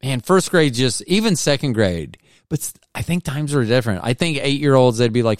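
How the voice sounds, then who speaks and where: A man's voice: mid-range voice, lively intonation, a little fast, dry recording, clean studio sound. A man hosting a podcast, telling a casual comedic story in a rambling way, often breaking off and restarting his sentences. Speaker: podcast host.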